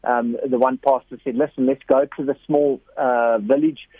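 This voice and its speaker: Husky and mid-range, this man's voice moves at a moderate pace with no room sound, coming through a tinny phone line. As a missionary guest in a storytelling interview, he's animated, repeats words frequently, and acts out quotes with a raised voice.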